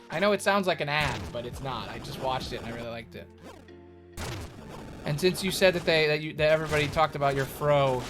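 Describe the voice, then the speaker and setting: A man with a fairly high voice chats loosely with his live-stream viewers while he plays. He rambles, trips over his words and circles back to his point. Loud game music runs underneath the whole time. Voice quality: rambling, talks to chat with many restarts. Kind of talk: casual live-stream chat while gaming. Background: video game music.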